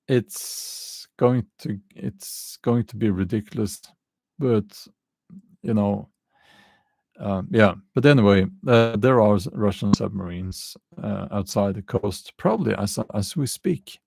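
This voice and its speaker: A man with a non-native English accent, hosting a casual livestream and answering chat comments in a halting way, with many fillers and frequent chuckles. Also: fairly low pitch, vocal fry, darkish tone, dry recording. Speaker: channel host answering live chat.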